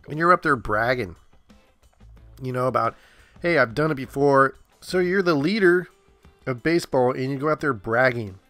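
A man's voice: mid-range voice, a bit bright. A man hosting a podcast, talking bluntly and heatedly straight to his listeners in a casual monologue. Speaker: podcast host.

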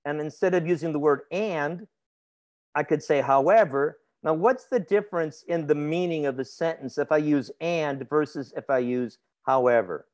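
In a classroom grammar lecture, a male instructor with a slightly high voice talks at normal speed. His style is conversational; he quizzes his students and laughs readily.

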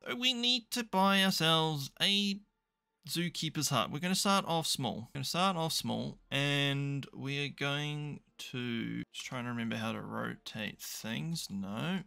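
A man's voice: mid-range voice, animated, a little slow, vocal fry, pushed and bright. A young man commentating a management game, chatty and thinking aloud with dry, self-mocking asides. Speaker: gaming YouTuber. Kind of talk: casual let's play commentary.

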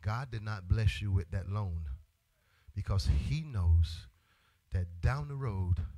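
A male pastor preaching an impassioned sermon in church, dropping to a hush and rising to sung, shouted cadences. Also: lowish voice, slow pace, dry recording. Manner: swings from hushed to shouted, chants phrases in sung cadence. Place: church sanctuary.

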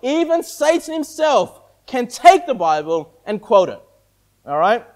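Brief: higher-pitched male pastor, casual preaching style, keeps checking in with the congregation. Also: big pitch swings, a little slow, darkish tone. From Australia. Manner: conversational preaching, frequent "okay?" and "all right?" check-ins. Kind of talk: sermon.

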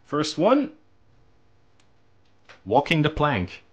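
A man hosting a hobby channel, explaining in a relaxed, casual monologue with frequent ums and restarts. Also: fairly high pitch, extremely slow, slightly rough. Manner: relaxed, conversational. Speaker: miniature painting channel host.

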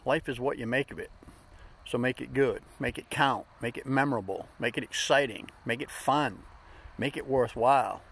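A man's voice: mid-range voice, normal speed, vocal fry, a bit bright, breathy edge. A middle-aged man hosting a daily vlog, giving folksy, upbeat motivational talk in plain slang. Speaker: vlog host.

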